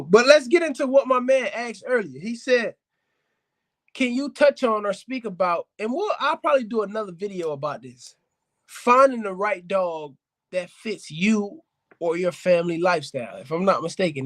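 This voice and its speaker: Blunt high-voiced man talking dogs. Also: lively intonation, normal speed, fairly bright tone. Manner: talks straight to viewers, calls them fam and y'all; blunt, emphatic, repeats himself for stress. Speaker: dog breeder and podcast host. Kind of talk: casual advice talk to viewers.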